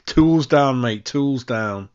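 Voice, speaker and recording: Ranting casually on a live fan stream, a young fan channel host from West London swears in frustration and addresses listeners as "mate," in a London accent. He speaks slowly at medium pitch with a clean, darkish tone, though the recording is muffled.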